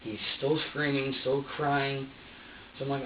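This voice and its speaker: A man's voice: medium pitch, completely flat delivery, measured pace, far from the mic. A young man in his twenties speaks in an agitated, rambling, profane way during a police interrogation, restarting his sentences over and over. He is heard from across a roomy interview room. The recording is dull and lo-fi, with a faint hiss underneath. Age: 20s. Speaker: suspect being interviewed. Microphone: room camera from a distance.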